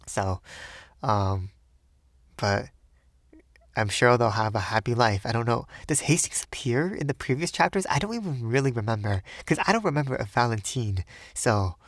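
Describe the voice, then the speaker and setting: A man's voice: mid-range voice, expressive, moderate pace, no room sound, clean studio sound. A man who narrates audiobooks, reading and then chatting casually in a rambling, self-deprecating way full of fillers.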